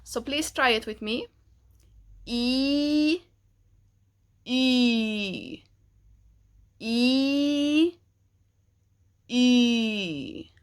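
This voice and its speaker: A woman teaching pronunciation, taking it slowly and patiently and modelling each sound for the learner to repeat. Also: fairly high pitch, a bit bright. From Sweden. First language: Swedish. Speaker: language teacher. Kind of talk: pronunciation lesson.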